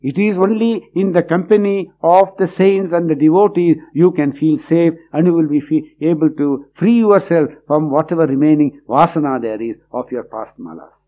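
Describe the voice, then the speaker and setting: A man giving a spiritual discourse, reflective and unhurried, breaking into quick recited verses. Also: fairly high pitch, dark tone. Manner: reflective, quotes verses in rapid bursts. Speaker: religious lecturer. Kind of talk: spiritual discourse on devotional texts. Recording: dull lo-fi recording.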